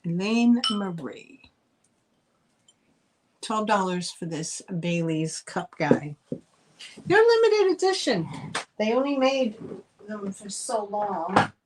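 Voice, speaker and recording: Middle-aged woman, live sale host; unhurried, chatty, rambles and laughs, mid-pitched voice. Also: noisy background. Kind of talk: casual live-stream selling chat.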